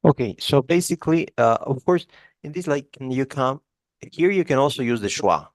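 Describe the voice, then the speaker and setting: A man's voice: medium pitch, animated, normal speed, dry recording. A man teaching English one to one, explaining grammar casually with many fillers and spoken examples.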